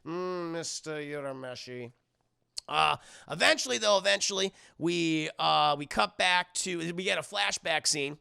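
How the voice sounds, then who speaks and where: A man talks a live chat through an anime episode in a loose, rambling recap. His voice sits high for a man, with a strong gravelly fry and a bright edge. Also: normal speed, hardly any pauses. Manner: rambling, fillers, addresses chat. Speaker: anime reviewer streaming live.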